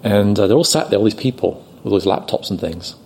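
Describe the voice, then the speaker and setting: A British man telling a story on a podcast, animated and often laughing as he acts out the people he quotes. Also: on the low side, fast talker, husky. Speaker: podcast guest, actor. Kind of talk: casual anecdote telling.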